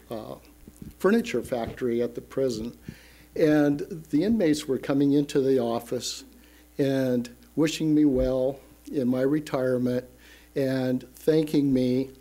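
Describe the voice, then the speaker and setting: Slow, reflective older man. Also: mid-range voice, mellow. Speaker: congregation member sharing a testimony. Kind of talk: personal story at a church service. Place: church sanctuary.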